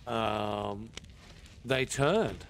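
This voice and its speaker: A man's voice: lowish voice, extremely slow, a little hiss or hum. A man with an Australian accent telling a story over game voice chat, swearing constantly. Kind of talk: casual voice chat while gaming.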